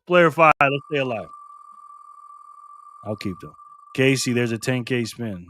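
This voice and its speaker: A man's voice: medium pitch, lively intonation, unhurried, pauses often, fairly bright tone, dry recording, studio quality. A man hosting a casual live stream, reading viewer comments aloud in a playful, teasing way and laughing often.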